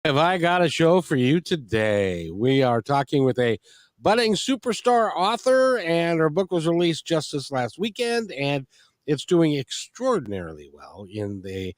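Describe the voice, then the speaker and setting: A man's voice: a little high, very animated, measured pace, no echo, clean studio sound. A man hosting a talk radio show, chatting in a folksy, rambling way with many restarts. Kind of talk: casual interview chat.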